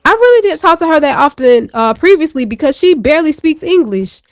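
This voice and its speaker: A woman co-hosts a talk show in casual chat, her voice high, sing-song and brisk. She tells a personal story candidly and chattily, tossing in slang asides, and the studio-quality recording has no echo.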